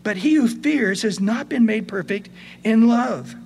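A man preaching a sermon as pastor, conversational, moving between soft passages and emphatic points. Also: high-pitched, measured pace, creaky, slight background noise.

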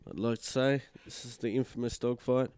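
A man's voice: mid-range voice, little pitch movement, brisk, a little mellow. A man hosting a casual radio show, crude and teasing, swearing often.

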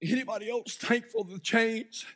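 A pastor with a strikingly high, bright voice. He tells a story from the pulpit with dramatic swings, dropping to a hush and then rising to shouts. His preaching moves into heartfelt prayer. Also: normal speed. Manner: dramatic preaching with sudden hushed drops and shouted peaks. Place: church pulpit.

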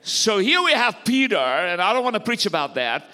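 A man's voice: high voice, very animated, moderate pace, pushed and bright, in a large hall. A man preaching as pastor, exhorting the congregation and calling for their responses. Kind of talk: sermon.

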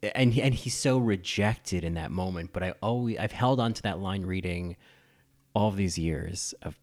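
On his casual podcast, a man talks about a film he loves, effusive and rambling and often restarting his sentences. His voice is slightly low and a little mellow, and he speaks at a normal speed.

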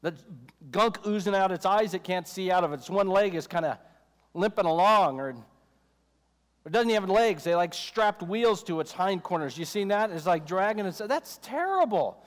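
A man with a high voice preaches a sermon in a relaxed, chatty way. He breaks into joking asides and acts out the voices he quotes. His voice rings out through a hall with a long reverb. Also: moderate pace. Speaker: pastor.

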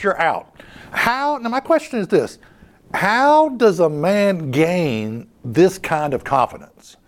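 Male preacher, high voice, lively and swooping, heavy on rhetorical questions. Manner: animated, rhetorical questions, repeats words. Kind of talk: sermon.

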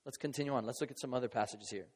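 A man preaching a sermon as pastor, in a conversational, animated way, acting out voices from the scripture he reads. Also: mid-range voice, very fast. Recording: long reverb of a large hall.

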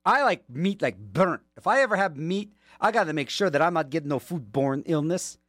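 A man's voice: on the high side, big pitch swings, brisk, a bit bright, dry recording. A man working as a radio DJ, chatting casually between songs with rambling, joking asides, from a studio mic.

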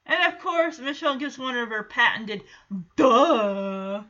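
Woman podcast host, bright and chatty, a bit muffled. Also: high-pitched, moderate pace. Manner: chatty, animated, acts out quotes. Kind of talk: casual episode recap.

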